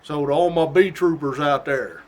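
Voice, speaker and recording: A middle-aged state trooper telling a story from his job in a casual, animated way, laughing often. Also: on the high side, moderate pace, a little hiss or hum. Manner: animated, laughs often, folksy drawl-like phrasing.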